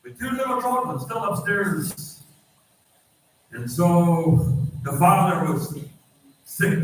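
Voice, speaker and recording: A man preaches from the pulpit in a strong, clear, fairly high voice. He tells stories and hammers phrases through repetition. The sound is very roomy and comes from a little way off the mic, with faint hall noise behind it. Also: slow pace, pauses often, distant mic. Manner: animated storytelling, repeating phrases for emphasis. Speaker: pastor. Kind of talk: sermon. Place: church sanctuary.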